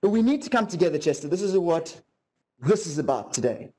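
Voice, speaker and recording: A male comedian with a high, lively voice that jumps around a lot in a ventriloquist stage act. He talks in an earnest, pleading and slightly flustered way. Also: brisk, slightly rough.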